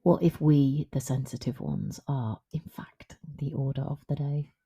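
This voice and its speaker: A frank, animated woman talks through a solo coaching podcast. Her voice sits low and sounds warm and mellow. She keeps it conversational and plain-spoken. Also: unhurried, gravelly, breathy edge. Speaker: confidence coach.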